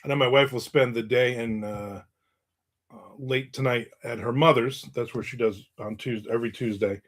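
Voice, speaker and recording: A man's voice: mid-range voice, steady tone, normal speed, a bit bright. Joking man rambling on a livestream. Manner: joking, rambling, self-mocking. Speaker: livestream host. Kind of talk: casual live chat, reading viewer comments.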